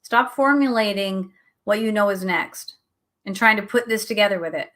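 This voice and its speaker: A middle-aged woman hosting a show, teaching a Bible study in a conversational, animated way and laughing at herself now and then. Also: medium pitch, moderate pace. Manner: animated, chatty, acts out quotes, laughs at herself.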